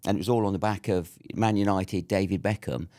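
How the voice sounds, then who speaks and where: A man's voice: low voice, brisk, darkish tone. A British man in his fifties telling a war story as an interview guest, blunt and swearing freely. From Britain.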